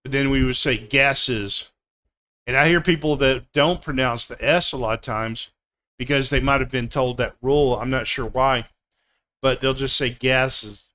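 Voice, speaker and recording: A male teacher runs a live pronunciation lesson with a bright, clear voice. He speaks very slowly and deliberately, repeating each word so learners can copy it. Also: mid-range voice, fairly even intonation. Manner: slow, deliberate, repeats words for drill. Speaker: English teacher.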